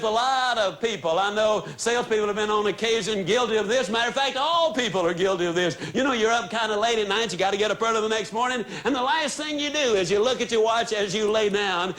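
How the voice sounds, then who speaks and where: An older man giving a motivational talk to salespeople, folksy and dramatic, dropping to a low soft voice for punchlines. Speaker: motivational speaker.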